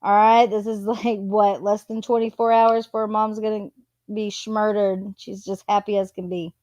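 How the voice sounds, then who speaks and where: A woman's voice: mid-range voice, little pitch movement, moderate pace, darkish tone, no echo. A woman reading a stream of text messages aloud in a casual way, stopping to react with disbelief and awkward laughs. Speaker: true crime YouTuber.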